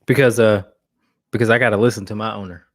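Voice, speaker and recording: A protective male German Shepherd dog, voiced by a man in his own low, easy tone. He speaks casually and stays relaxed, loyal to his owner and calm toward the guest. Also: quick pace, lightly acted. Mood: laid-back. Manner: casual, laid-back.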